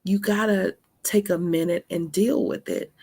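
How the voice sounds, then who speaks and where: A woman's voice: lowish voice, steady tone, unhurried, dark tone, slightly rough. A woman in her forties hosting a faith talk show, giving a candid personal testimony in an earnest, conversational way. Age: 40s. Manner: earnest and conversational, often asks "right?". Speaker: faith podcast host.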